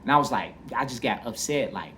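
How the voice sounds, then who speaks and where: Guy telling his life story, casual, cussing a lot, mid pitch, slight hiss behind. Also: expressive, brisk, pushed and bright. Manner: candid, profane, conversational, many fillers like "you know what I mean". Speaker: podcast host telling a personal story.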